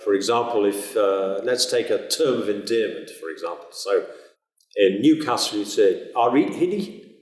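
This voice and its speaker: A man, an actor, giving a chatty, informal talk on how to speak an old form of English, with plenty of uhs and pauses. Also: fairly low pitch. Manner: relaxed, chatty, with many uhs. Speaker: actor teaching Middle English. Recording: roomy echo.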